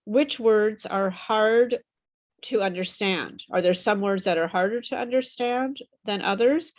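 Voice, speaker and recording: A woman teaching an online English pronunciation class over a video call, slow and patient, her voice a little worn as she says she is losing it. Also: mid-range voice. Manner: patient, repeats and models words slowly.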